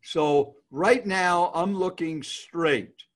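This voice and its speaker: A man's voice: fairly high pitch, extremely slow. A man giving casual, upbeat speaking advice on a video call, repeating his key points as he teaches. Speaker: speaking coach guest.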